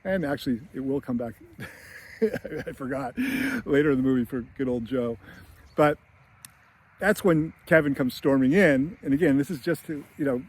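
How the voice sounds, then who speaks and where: Husky man rambling about films. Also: medium pitch, moderate pace, a little mellow. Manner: rambling, chuckling, many fillers. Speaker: screenwriting commentator. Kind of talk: casual film analysis.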